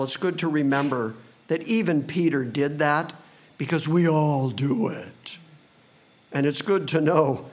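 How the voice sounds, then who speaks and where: Slow, high, animated male preacher. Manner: slow and dramatic, quickening in asides. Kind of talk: sermon.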